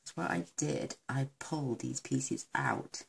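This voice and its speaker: Her voice rumbles low with vocal fry and a slightly rough edge, animated but a little slow, on a rough recording. This middle-aged UK craft demonstrator rambles chattily through a crafting tutorial, muttering to herself while she works.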